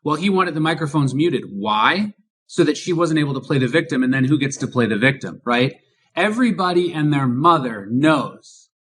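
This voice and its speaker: A man's voice: a little high, lively intonation, normal speed, fairly bright tone, breathy edge. A man co-hosting a political podcast, talking emphatically and asking rhetorical questions. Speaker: podcast co-host. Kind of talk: political commentary.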